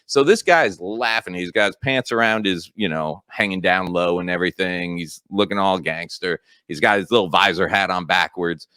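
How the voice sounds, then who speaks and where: A man's voice: low voice, normal speed, hardly any pauses, smooth, dry recording, studio quality. A man hosting a comedy radio show, telling stories with acted-out quotes in casual banter. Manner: animated storyteller, acts out quotes.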